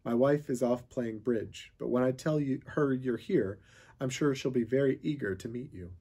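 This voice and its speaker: A man voicing a courteous father who welcomes guests warmly and easily, in a read-aloud story. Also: medium pitch, moderate pace, husky. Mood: welcoming. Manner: warm, well-mannered welcome. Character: courteous American father, at ease with strangers.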